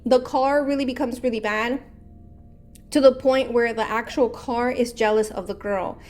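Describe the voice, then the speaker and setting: Chatty higher-voiced woman rambling casually. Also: a little mellow. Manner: rambling, heavy use of "like" and "um". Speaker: savings channel host. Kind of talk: casual movie retelling.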